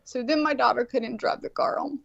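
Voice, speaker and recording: A woman's voice: high voice, fairly quick, gravelly, no echo. A woman in her forties telling a rambling story with lots of swearing, acting out what everyone said. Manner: profane, animated, acts out quotes. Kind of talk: casual storytelling. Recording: dull, dry lo-fi sound.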